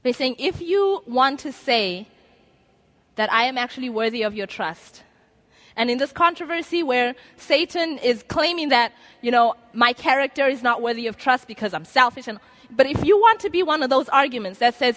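Woman, fairly high voice, sermon, earnest, conversational, quoting inner voices. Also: animated, moderate pace, fairly bright tone. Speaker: preacher. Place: lecture room before an audience.

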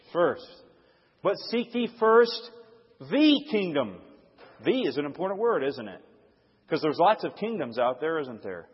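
Brief: husky, fairly high-voiced male preacher, emphatic call-and-response, dull echoey hall recording. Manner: emphatic, asks the crowd to fill in words; dynamic, swings from loud stresses to hushed asides. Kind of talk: sermon to a live audience.

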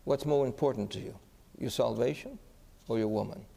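A pastor preaches a sermon story earnestly, putting questions to the congregation. His mellow, medium-pitched voice has vocal fry and moves a little fast. The sound echoes through the hall.

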